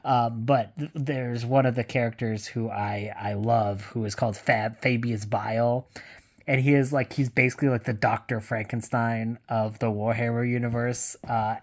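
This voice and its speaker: A casual book vlogger talking through a recent read in a rambling, chatty way, full of fillers and casual swearing, rising in pitch when amused or incredulous. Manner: gets louder and higher when amused or incredulous. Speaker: book reviewer. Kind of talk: casual book review vlog.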